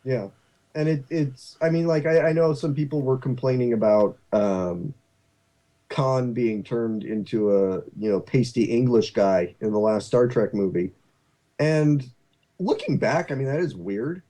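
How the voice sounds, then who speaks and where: Rambling man with a mellow voice. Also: mid-range voice. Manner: rambling, halting with many restarts. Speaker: podcast host. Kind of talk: casual chat.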